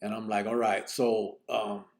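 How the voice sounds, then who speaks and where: A man recounts a story his past in loose street slang, trailing off with plenty of fillers. His voice is gravelly and dark, and it jumps higher and louder when he quotes what others said. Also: flat delivery, a little slow. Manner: acts out other people's lines in a raised voice. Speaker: podcast host telling his life story. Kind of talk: casual spoken storytelling.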